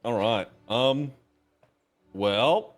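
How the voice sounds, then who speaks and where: A man's voice: medium pitch, lively intonation, drawn-out words, soft background music. A man chatting and joking casually as a player before a tabletop game. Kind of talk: casual chat.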